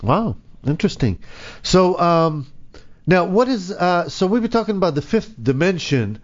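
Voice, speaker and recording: A man hosting an interview, asking curious and gently skeptical questions in a casual way. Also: high voice, very animated, moderate pace. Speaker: interview host. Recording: dull lo-fi recording.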